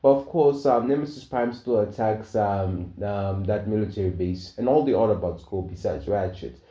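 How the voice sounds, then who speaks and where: A man's voice: lowish voice, normal speed, warm tone. A young man casually narrating a fan-made story, rambling and hesitant with many fillers. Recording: dull, roomy home recording.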